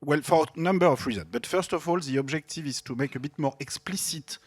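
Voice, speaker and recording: A man's voice: on the high side, quick pace, husky, no room sound. A man with a French accent, a native French speaker discussing ideas in English at a panel debate, talking animatedly with frequent "you know" and restarts. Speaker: invited economist in a panel debate.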